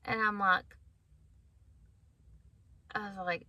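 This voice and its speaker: A woman's voice: mid-range voice, steady tone, slow, long pauses, bright, forceful tone, dull audio. A woman in her thirties casually telling a personal story to her viewers, candid and chatty, often laughing and calling them guys. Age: 30s. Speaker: vlogger.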